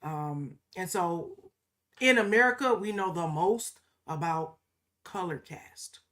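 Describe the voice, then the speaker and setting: A woman's voice: lowish voice, slow pace, a bit bright. Emphatic woman co-host, colloquial. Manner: emphatic, punctuates points with "okay?"; colloquial, quotes others in mocking asides. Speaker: podcast co-host. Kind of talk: casual conversational commentary.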